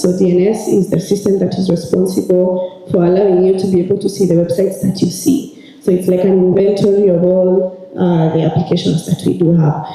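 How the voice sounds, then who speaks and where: A woman trainer, hoarse and raspy from a cold, giving an upbeat ceremony speech and calling out to the audience. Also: on the low side, mellow. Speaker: cybersecurity trainer. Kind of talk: ceremony speech presenting student projects. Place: large hall at a graduation ceremony. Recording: echoey hall.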